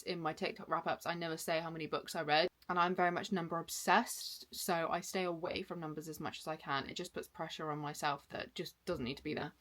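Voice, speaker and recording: A young woman, a full-time content creator, chatting casually and enthusiastically about the books she read. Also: lowish voice. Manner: chatty and enthusiastic, with quick asides. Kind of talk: casual book wrap-up chat.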